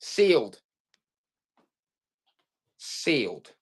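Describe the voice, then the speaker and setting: A man's voice: mid-range voice, very animated, very slow, breathy edge. A man selling vintage items on a live stream, chatting to viewers in a repetitive, hyped-up sales patter. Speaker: live auction seller.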